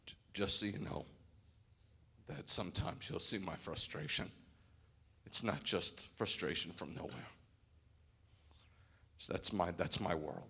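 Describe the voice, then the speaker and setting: Very deep-voiced preaching rabbi. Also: male voice, unhurried, vocal fry, pauses often, pushed and bright, husky. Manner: candid, conversational preaching with storytelling and acted quotes. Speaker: rabbi, pastor of the congregation. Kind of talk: informal sermon.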